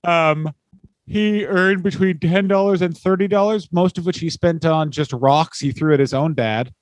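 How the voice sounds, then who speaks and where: A man's voice: fairly high pitch, moderate pace, no room sound. Joking Canadian man, dry close mic. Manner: rambling, jokey, acts out silly voices. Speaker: podcast co-host. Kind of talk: casual comedic chat.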